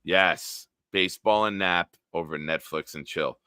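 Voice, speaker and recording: A man's voice: sits low, unhurried, pushed and bright, clean tone, no echo. A young man hosting a sports podcast live stream, casually joking and reading out viewer comments. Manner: jokey, reads out viewer comments.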